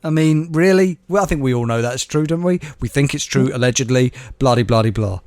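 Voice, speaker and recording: A man's voice: medium pitch, animated, brisk, a little mellow, dry recording. A young man co-hosting a podcast, riffing sardonic jokes in casual chat. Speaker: podcast co-host.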